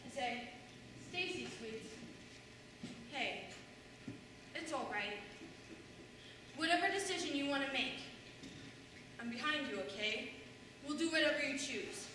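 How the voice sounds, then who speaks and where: A woman's voice: high voice, lively intonation, a little slow. A young woman acting a wry, bitter middle-aged mother in a stage monologue, telling a story with sardonic humor and mimicking others. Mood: gentle. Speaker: student actor. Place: school stage in a large hall. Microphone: distant room mic. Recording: echoey hall from far off, faint noise.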